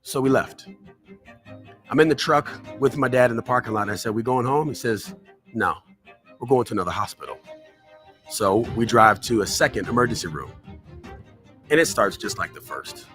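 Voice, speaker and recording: A man speaking as a motivational speaker, recounting a personal story with dramatic pauses and by voicing the people in it. His voice sits at an ordinary middle pitch, and soft music plays faintly underneath. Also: expressive.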